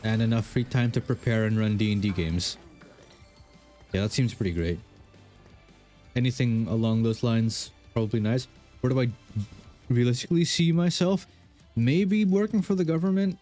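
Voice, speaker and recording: Mellow and mid-range, a young man's voice carries his casual chat during a game stream. He rambles his way through questions, leaning on lots of fillers and poking fun at himself.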